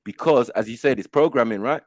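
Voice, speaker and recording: Brief: middle-aged man, panel host, lively storyteller, mid-pitched voice, dry close sound. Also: fairly quick, dry recording. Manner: animated storytelling, acts out voices in quotes. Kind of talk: casual chat.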